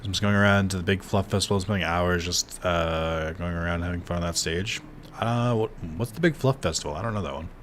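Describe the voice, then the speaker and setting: Low-pitched guy streaming a game, chatty and sweary, a bit of faint noise behind. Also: brisk, fairly bright tone. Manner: chatty, swears often, answers chat. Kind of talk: casual gameplay commentary.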